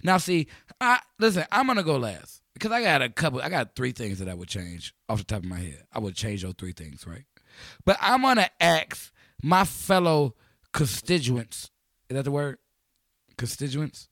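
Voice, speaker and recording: A man from Chicago hosting a community radio call-in show, joking loudly and slangy with friends in the studio. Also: mid-range voice, lively intonation, normal speed, dry recording. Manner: rowdy, joking, slangy, talks over friends. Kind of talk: loose call-in radio banter.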